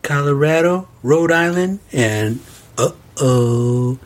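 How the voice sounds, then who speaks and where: A man's voice: on the high side, slow pace. A man hosting a solo podcast and rambling into a profane, ranting monologue. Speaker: podcast host.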